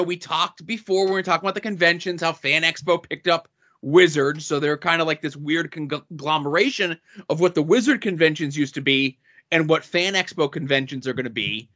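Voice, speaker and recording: A man's voice: on the high side, pushed and bright, highs cut off. A man co-hosting a casual podcast, reading off convention guest lists with dry asides. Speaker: podcast co-host.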